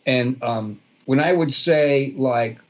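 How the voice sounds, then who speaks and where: A man's voice: medium pitch, slow, dull audio. A man in his sixties from Brooklyn with a Brooklyn accent, a guitarist telling rambling stories in an interview with many fillers and restarts. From Brooklyn, New York. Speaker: guest guitarist. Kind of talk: casual storytelling interview.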